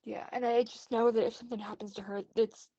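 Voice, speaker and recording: A woman's voice: a little high, level tone, fast, warm tone, no echo, highs cut off. A woman chatting casually in a voice message about books she is reading, talking in an earnest, rambling, hesitant way. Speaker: book vlogger. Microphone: phone voice messaging app.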